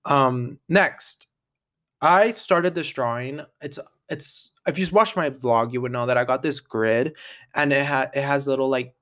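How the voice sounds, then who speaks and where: Speaking at a measured pace with medium pitch and a bit of brightness, a young podcast host talks on his own in a loose, rambling way, leaning heavily on "like" and often starting over.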